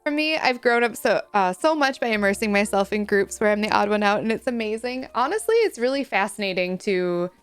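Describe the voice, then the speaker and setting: A woman's voice: mid-range voice, expressive, fairly quick, few pauses, smooth, faint music behind. A young woman streamer chatting casually while playing a game, in a chatty, self-deprecating, giggly way. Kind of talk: casual gameplay chat.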